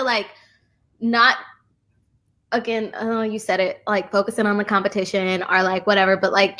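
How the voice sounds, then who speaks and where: A woman's voice: mid-range voice, pushed and bright. A woman hosting a casual conversation, asking eager, chatty questions full of fillers. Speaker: host.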